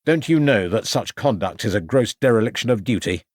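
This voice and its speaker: A man's voice: on the low side, lively intonation, no room sound, clean studio sound. A man doing a stern Victorian detective inspector. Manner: brisk, authoritative.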